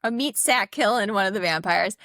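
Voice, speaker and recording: A woman's voice: medium pitch, fairly quick, fairly bright tone, dry recording. A woman co-hosting a podcast, retelling film scenes in a laid-back way. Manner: laid-back, laughs through her retelling. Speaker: podcast co-host. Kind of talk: casual movie recap chat.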